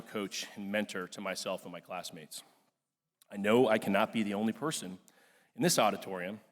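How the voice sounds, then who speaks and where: Earnest young man in a reverberant hall. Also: medium pitch. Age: young adult. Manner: earnest, emotional, with frequent fillers. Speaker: class president giving a speech. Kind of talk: ceremony speech. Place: large auditorium.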